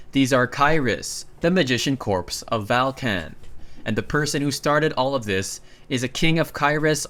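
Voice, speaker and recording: A man narrating a comic story recap in a casual, chatty way, breaking in with excited asides. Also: mid-range voice.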